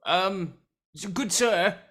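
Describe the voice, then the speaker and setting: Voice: mid-range voice, takes it slowly, fairly bright tone, slightly rough. A player in a tabletop game, eager, playful and blunt.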